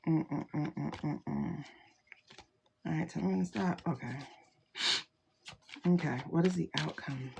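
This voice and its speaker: A woman's voice: sits low, takes it slowly, gravelly, pauses often, mellow, a little hiss or hum. A woman hosting a casual livestream tarot reading, chatty and full of exclamations, greeting viewers by name as she talks into a phone. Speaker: tarot reader livestream host.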